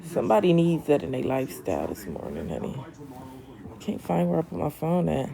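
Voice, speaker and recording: A crowd can be heard behind a young woman hosting a casual livestream from home, where she reads comments aloud and teases viewers as honey and queen. Her low, creaky voice is animated and moves at a moderate pace.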